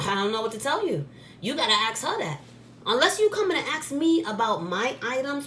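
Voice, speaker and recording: A woman who runs a spiritual supply shop, talking straight to camera in a blunt, scolding way and repeating herself for emphasis. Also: medium pitch. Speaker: spiritual shop owner and channel host. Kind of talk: casual direct-to-camera vlog. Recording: echoey room, faint background noise.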